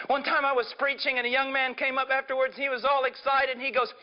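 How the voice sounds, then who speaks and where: Middle-aged man, preacher, high-pitched, intense sermon delivery; muffled lo-fi sermon tape. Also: a little fast, hardly any pauses. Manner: impassioned, swinging from hushed to shouting. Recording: dull lo-fi sermon recording.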